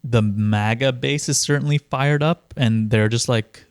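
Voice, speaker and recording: A man's voice: mid-range voice, a little slow, smooth, no echo. A man co-hosting a podcast, chatting about politics in a rambling, sardonic way with lots of fillers. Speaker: podcast co-host. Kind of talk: casual political chat.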